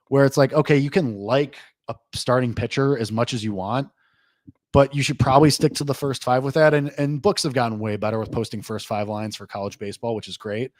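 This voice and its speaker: A man hosting a live sports betting reaction show, talking loosely and rambling, full of "like", with excitable jumps and low asides. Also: dry recording. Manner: rambling, loose, heavy use of "like"; excitable swings between lively and low asides. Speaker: host.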